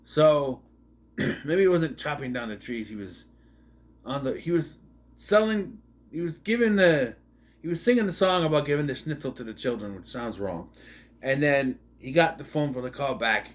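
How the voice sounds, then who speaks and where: Male reviewer, mid-pitched voice, rambling and sarcastic, casual delivery. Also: expressive, moderate pace. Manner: rambling, sarcastic, with frequent asides and restarts. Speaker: movie reviewer. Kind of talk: casual spoken movie review.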